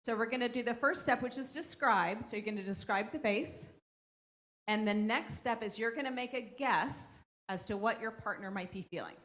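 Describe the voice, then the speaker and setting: A woman's voice: fairly high pitch, moderate pace, fairly bright tone. A woman leading a parent workshop in a school room, talking conversationally to the audience and checking in with a frequent "okay?" as she acts out what kids and parents say. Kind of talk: interactive parent workshop talk.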